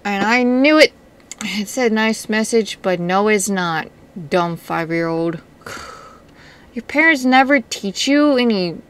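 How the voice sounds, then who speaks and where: A woman hosting her own channel, reading viewer mail in a rambling, chatty way. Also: mid-range voice. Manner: rambling, chatty, easily distracted. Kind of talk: casual vlog chat.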